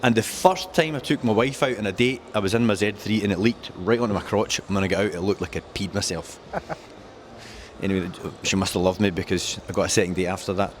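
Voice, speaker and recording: At a car dealership, a man shows off vehicles with jokey, casual patter, eagerly rattling off specs. He speaks quickly in a lowish voice, with a little hiss or hum in the audio.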